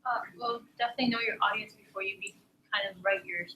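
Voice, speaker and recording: Woman sharing takeaways in class, flat quick delivery, bright tone, roomy echo. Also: mid-range voice, a little hiss or hum. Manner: hesitant, with fillers, then quick. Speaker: workshop participant.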